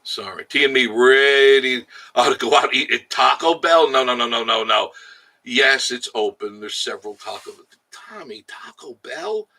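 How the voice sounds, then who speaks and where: A man's voice: medium pitch, fairly even intonation, normal speed, bright, forceful tone. A man hosting a casual live stream, chatting with viewers by name and joking between laughs. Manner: chatty, jokey, laughs often. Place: outdoors in the Smoky Mountains.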